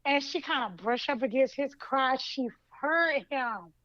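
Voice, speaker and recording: High-voiced woman, animated storyteller. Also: unhurried, no echo. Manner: animated storytelling, acts out lines. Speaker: podcast co-host. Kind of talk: casual chat retelling a story. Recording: dull lo-fi sound.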